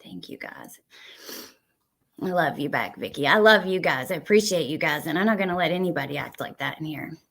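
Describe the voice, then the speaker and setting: A woman hosting a casual live stream, reading viewer comments aloud. She swears heatedly at people in her chat and then thanks her chatters warmly. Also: sits low, animated, brisk, creaky, a little hiss or hum.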